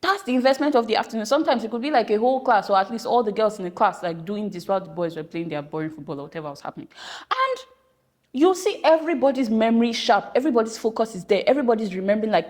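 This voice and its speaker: A young woman from Nigeria hosting a podcast, chatting casually with rambling, animated asides. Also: on the high side, racing. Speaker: podcast host. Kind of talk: casual monologue.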